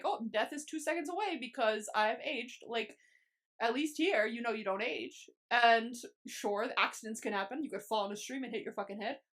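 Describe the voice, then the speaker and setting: Casual young woman swearing freely. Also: a little high. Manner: swears a lot, quick and animated. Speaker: podcast co-host. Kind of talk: casual recap chat.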